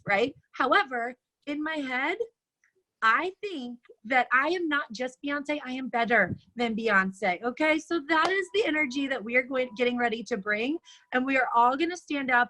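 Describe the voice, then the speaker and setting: A woman coaching a crowd over a video call in a bright, high-pitched voice. She sounds peppy and chatty, with lots of "like" and "right?" woven through a motivational pep talk. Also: poor audio. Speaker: fitness coach speaking at a virtual brunch.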